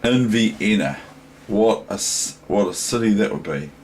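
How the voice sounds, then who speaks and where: A man's voice: lowish voice, animated, a little slow, slight background noise. A man from New Zealand with a New Zealand accent, giving a casual chess lesson in a rambling, digressive way, thinking aloud. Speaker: chess teacher.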